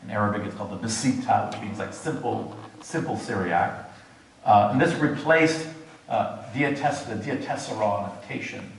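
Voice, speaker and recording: A man's voice: lowish voice, moderate pace, creaky, a little hiss or hum. Man, scholarly lecture, church adult education, very reverberant hall. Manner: scholarly, jokes and laughs at his own asides. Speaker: guest lecturer. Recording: very echoey hall.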